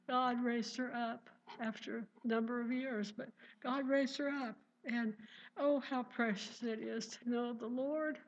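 A woman preaches a sermon in a fervent, heartfelt voice that sits a little high, often breaking into exclamations of praise. The recording is dull and lo-fi.

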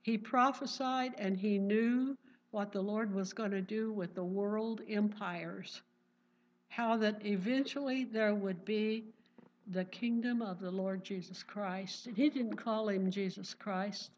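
A woman's voice: mid-range voice, fairly even intonation, takes it slowly, slight background noise. A woman teaching a Bible study in an earnest sermon style, reading verses and often saying praise. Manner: earnest, exclaims "Praise the Lord". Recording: dull lo-fi recording.

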